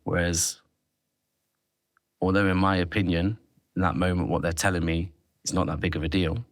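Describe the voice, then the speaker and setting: Man, podcast guest, low voice, dry close sound, reflective, halting phrasing. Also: level tone, no echo. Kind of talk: candid interview conversation.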